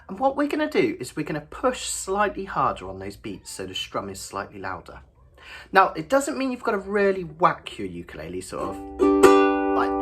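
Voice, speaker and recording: A man's voice: on the high side, fairly bright tone, slightly rough. A man teaching a ukulele lesson in a chatty, encouraging way, counting beats aloud as he strums. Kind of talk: friendly instructional lesson. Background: his own ukulele playing.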